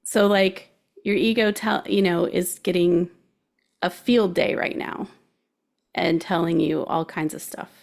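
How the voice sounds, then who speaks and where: A woman's voice: fairly low pitch, steady tone, measured pace, creaky. A woman hosting a guidance show, talking through emotions in a chatty, encouraging way and laughing easily. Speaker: show host giving life guidance. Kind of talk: casual coaching talk.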